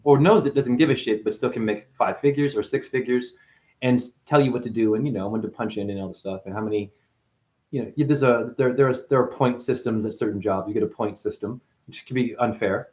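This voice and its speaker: A man in chronic pain delivering a rambling, free-associating spiritual monologue, swearing often and swinging between loud outbursts and low mutters. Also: brisk. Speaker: spiritual talker.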